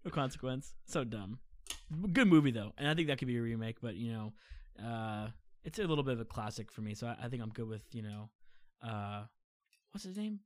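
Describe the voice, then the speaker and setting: A man's voice: medium pitch, lively intonation, a little fast. A man chatting casually as a podcast co-host, retelling a story in a rambling way full of fillers and small laughs. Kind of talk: casual chat.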